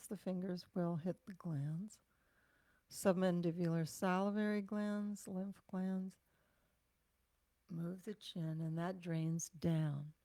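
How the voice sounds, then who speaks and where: An older woman leading a self-care class, giving gentle, unhurried instructions with sighs and breathing cues. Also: fairly low pitch, no room sound. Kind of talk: guided self-massage class.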